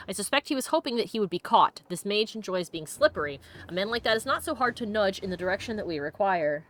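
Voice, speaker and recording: A chatty woman hosts a let's play, reading the game's text aloud and trading casual talk with her co-host. She giggles easily and slips into quick silly voices for the characters. Her pitch sits right in the middle for a woman. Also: lively intonation, a bit bright, a little hiss or hum.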